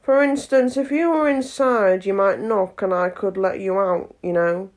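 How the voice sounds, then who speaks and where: A stolid frog footman from a storybook, put on by a woman reader, drawling each word in a solemn, unhurried tone. Nothing ruffles him; he answers in the same flat gravity whatever happens around him. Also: mid-range voice, close to an everyday voice. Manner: slow, solemn, unbothered.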